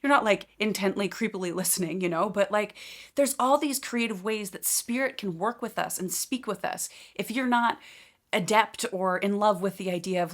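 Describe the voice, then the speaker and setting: A woman's voice: mid-range voice, moderate pace. A woman giving a casual, enthusiastic spiritual update, talking emphatically with fillers and light laughs.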